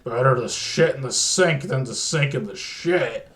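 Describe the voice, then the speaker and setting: A man voicing a grumpy male puppet monster who mutters gruffly. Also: mid-range voice, unhurried, a bit bright. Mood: grumbling.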